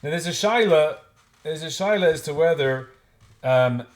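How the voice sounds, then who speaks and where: A man's voice: on the high side, expressive, moderate pace. A man giving an informal Talmud class, thinking aloud with frequent restarts and working Hebrew and Aramaic terms into his explanations. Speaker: Talmud teacher.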